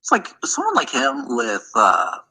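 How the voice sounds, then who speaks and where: Bright-voiced man choosing words carefully. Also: mid-range voice, huge pitch swings, measured pace, husky, low-quality recording. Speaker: stream guest.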